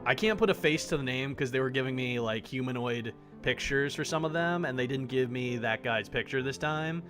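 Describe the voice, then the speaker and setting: A man's voice: mid-range voice, a little fast, music in the background. A man streaming a dating sim live, making blunt, joking asides and swearing casually. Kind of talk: live-streamed game commentary.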